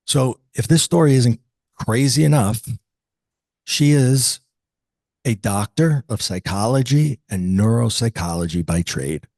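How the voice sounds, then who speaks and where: A man in his late forties, an interview guest, telling a personal story in a lively conversational way and acting out the voices of the people in it. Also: medium pitch, a little slow, gravelly, dry recording. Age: 40s. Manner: animated, acts out quoted dialogue.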